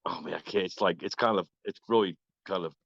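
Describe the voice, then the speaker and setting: Older male guest, lively storyteller, dull dry lo-fi sound. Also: low-pitched, brisk, gravelly, no echo. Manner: animated, acts out quoted voices. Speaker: guest guitarist. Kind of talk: casual storytelling.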